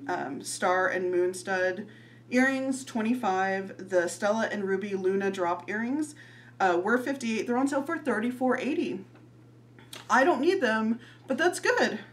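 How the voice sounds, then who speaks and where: Chatty giggly woman with a drawl. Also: mid-range voice. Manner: chatty, giggly, talks straight to viewers. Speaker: fashion vlogger. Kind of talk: casual try-on haul chat.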